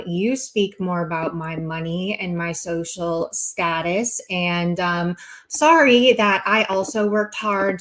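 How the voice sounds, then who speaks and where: A woman's voice: medium pitch, a bit bright. A young woman on a livestream, delivering a heated, sarcastic rant full of swearing and mock apologies.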